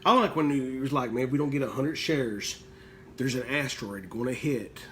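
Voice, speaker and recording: A man's voice: mid-range voice, normal speed, bright, forceful tone, slight background noise. A man, co-hosting a casual livestream, loose and joking, swearing freely. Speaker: co-host of music duo livestream.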